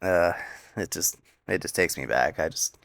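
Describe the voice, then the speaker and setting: A young man casually recapping an anime episode, enthusiastic and acting out quick quoted lines as he retells scenes. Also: low voice, creaky, fairly bright tone, no echo, clean studio sound.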